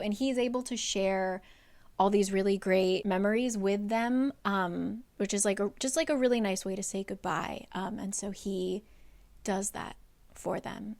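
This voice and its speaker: This woman's mid-range, slightly mellow voice keeps a moderate pace as she recaps a book's plot for her audience as a book recap creator. Her chatty delivery is full of "like," with the occasional curse.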